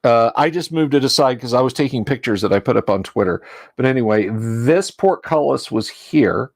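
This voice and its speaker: A man's voice: mid-range voice, expressive, normal speed, gravelly, no echo. A man hosting a casual livestream as game master, talking in a rambling, chatty and self-deprecating way, his voice tired from talking all day.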